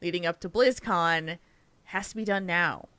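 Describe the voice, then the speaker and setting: A woman's voice: on the low side, moderate pace, bright, forceful tone, no echo. A tired woman co-hosting a podcast, chatting casually, rambling and restarting her sentences with frequent laughs. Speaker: podcast co-host. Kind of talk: casual chat.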